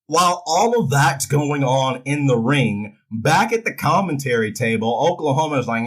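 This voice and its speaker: A man's voice: mid-range voice, animated, normal speed, few pauses, a bit bright, poor audio. A man recapping a wrestling show in a casual, irreverent way, joking and swearing freely as he goes.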